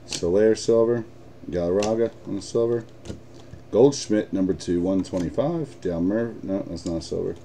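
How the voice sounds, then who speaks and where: A man's voice: low voice, normal speed, mellow, slight background noise. A man with an American accent hosting a live card break, chatting casually, swearing and laughing often.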